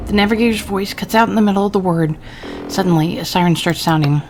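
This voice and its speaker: A woman's voice: on the low side, fast talker, a little mellow, a little hiss or hum. A woman playing a story game, reading its text aloud and adding casual, wry comments of her own. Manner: casual, wry asides between read lines. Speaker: gaming channel host.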